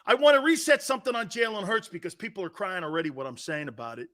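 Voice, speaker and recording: A man's voice: sits high, lively intonation, quick pace, fairly bright tone. A man hosting a sports talk show, joking and rambling between laughs.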